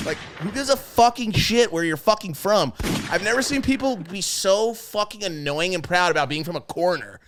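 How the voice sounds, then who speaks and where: A man's voice: sits high, fairly quick, noisy background. A man hosting a podcast in casual chat, ranting and swearing freely. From New York suburbs. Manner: profane, ranting, animated. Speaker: podcast host.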